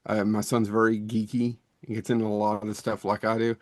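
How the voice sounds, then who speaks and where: A man's voice: fairly low pitch, flat delivery, brisk, no room sound, studio quality. A middle-aged man co-hosting a podcast, talking in a rambling, self-deprecating way that often restarts mid-thought. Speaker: podcast co-host. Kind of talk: casual chat.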